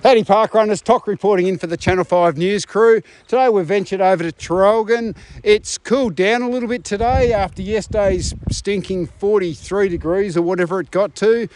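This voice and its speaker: A high-pitched Australian man reports in an easygoing, friendly way from an outdoor event. A faint outdoor hiss runs under his voice. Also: fairly quick, hardly any pauses, a little mellow. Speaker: roving reporter. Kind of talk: casual outdoor field report.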